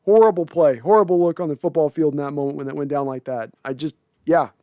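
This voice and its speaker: A man with a fairly high voice hosts a casual livestream, reading viewer messages aloud. He jokes, curses freely and laughs a lot. He is recorded close on a mic in a dry room. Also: fairly even intonation, quick pace, smooth, no echo, muffled recording. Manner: laughs often, joking and profane. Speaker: podcast host reading live chat.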